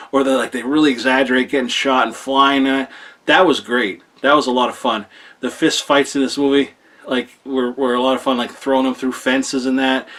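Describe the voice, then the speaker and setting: A man's voice: mid-range voice, fairly bright tone. Rambling casual male movie reviewer. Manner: rambling, filler-heavy, with frequent restarts and casual swearing. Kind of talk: casual spoken film review.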